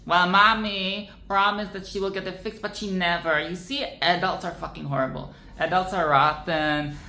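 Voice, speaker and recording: A vlogger giving casual film commentary in a dramatic, animated way, swearing freely and repeating phrases for emphasis. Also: mid-range voice, normal speed. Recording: roomy echo with faint ambience.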